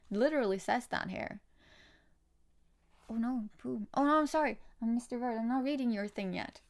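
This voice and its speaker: Young female livestream card reader, casual and easily sidetracked, gravelly fry in the voice. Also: mid-range voice. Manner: chatty and easily distracted, laughs often. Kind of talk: casual livestream chat with viewers.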